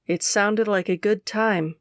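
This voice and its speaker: A woman narrating a first-person audiobook in a steady, measured way. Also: medium pitch, dry recording, studio quality.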